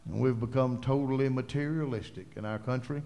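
A man's voice: mid-range voice, brisk. Impassioned preacher, man, hall reverb. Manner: impassioned, rising to loud preaching cadence. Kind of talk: sermon.

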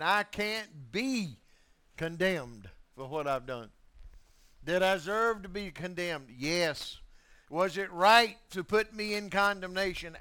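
A man with a high, clear, resonant voice delivers a sermon at an unhurried pace. He swings from loud, ringing declarations to quiet, hushed asides. He repeats key phrases for emphasis. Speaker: preacher.

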